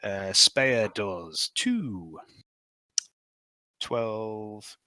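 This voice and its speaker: A man running a tabletop game as game master, briskly tallying dice and narrating gory combat. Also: on the low side, lively intonation, sharp tone, dry recording. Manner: brisk, swearing, tallies dice aloud.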